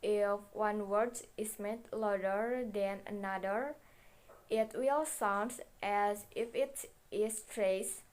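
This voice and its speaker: Speaking slowly in a steady, darkish, medium-pitched voice, a young Indonesian-native woman reads her class presentation with care. As a student presenter, she restarts and corrects herself along the way.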